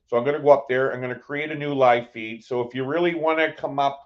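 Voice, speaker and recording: A man's voice: medium pitch, steady tone, fast talker, highs cut off. Rambling man live-streaming on a phone. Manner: rambling, with many fillers and restarts. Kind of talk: casual live-stream chat. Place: cruise ship.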